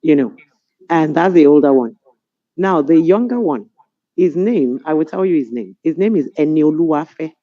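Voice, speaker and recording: A middle-aged Nigerian woman on a webinar panel, telling stories in an animated, amused way over a video call. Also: low-pitched, moderate pace, no echo. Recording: dull lo-fi video call audio.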